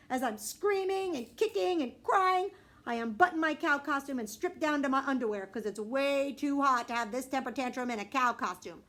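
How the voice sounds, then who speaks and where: A woman reading a children's storybook aloud with expressive narration and lively character voices. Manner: voices a young girl with bursts of high excitement. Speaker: audiobook reader.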